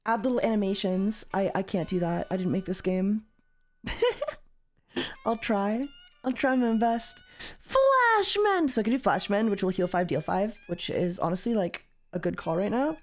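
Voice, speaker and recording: A young Canadian woman streams herself playing a card game, chatting casually at a moderate pace. Every so often she bursts out with loud, high-pitched exclamations.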